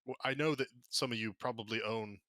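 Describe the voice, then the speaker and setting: Harried city guard, exasperated and earnest, bright, edgy tone, as a game master plays him. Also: male voice, mid-range voice, brisk, no echo, close to an everyday voice. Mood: flustered. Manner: flustered, pleading, swears in frustration.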